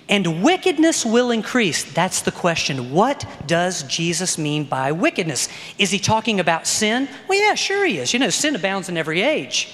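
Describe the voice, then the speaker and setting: A middle-aged male pastor with a notably high, slightly bright voice preaches a sermon to his congregation. His delivery is loose and conversational, often checking in with quick tag questions, and a long, trailing reverb makes it sound like a big hall.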